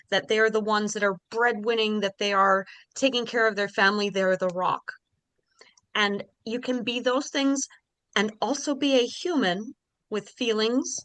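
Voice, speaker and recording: A woman hosting a community podcast conversation, thoughtful and reflective, pausing with fillers as she frames the topic. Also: mid-range voice, a bit bright, clean tone, dry recording. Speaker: podcast host.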